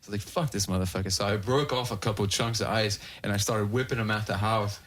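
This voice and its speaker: A man's voice: on the low side, fairly even intonation, quick pace, fairly bright tone. A man on a podcast telling a long prank story in casual, constantly swearing talk, often laughing through it. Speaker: podcast host. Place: podcast studio.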